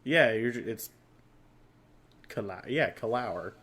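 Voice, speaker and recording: American male podcast host, casual chat, relaxed, chatty and quick to laugh. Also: medium pitch, a little hiss or hum. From United States.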